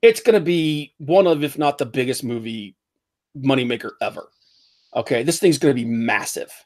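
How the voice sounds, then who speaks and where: A man hosting a casual pop-culture podcast, rambling and animated, often laughing as he mocks what he talks about. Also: medium pitch, normal speed. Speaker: podcast host.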